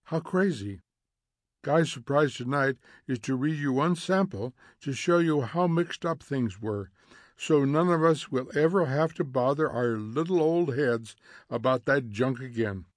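A man voicing a nervous housewife who smooths things over in a falsely bright, higher voice, in a dry audiobook recording. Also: animated, measured pace, dry recording. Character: brittle, chattering housewife.

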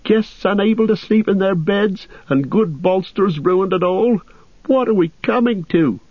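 A man voicing a fretful older male innkeeper who wails in a high, fussy voice, on a dull lo-fi recording. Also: unhurried, no room sound. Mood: dismayed.

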